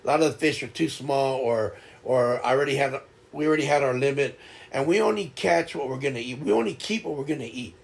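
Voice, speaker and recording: A man's voice: mid-range voice, fast talker, vocal fry. A man hosting a live stream, telling a casual story and laughing often.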